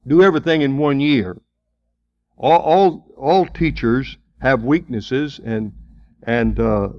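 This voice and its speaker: A man preaching in a folksy, chatty way, his pitch swinging high and low as he asks question after question. The sound is dull and muffled, with a dry, close feel. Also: dry recording. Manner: folksy, chuckling, rhetorical questions. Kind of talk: sermon.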